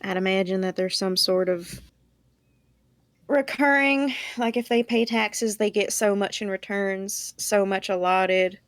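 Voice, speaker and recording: A woman's voice: medium pitch, unhurried, no echo. A woman playing a tabletop game, speaking in a practical, matter-of-fact way. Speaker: player. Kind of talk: casual tabletop game talk.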